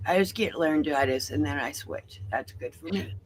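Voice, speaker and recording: A man's voice: on the high side, normal speed, a little hiss or hum. A man co-hosting a casual livestream chat, dry and brief in his remarks.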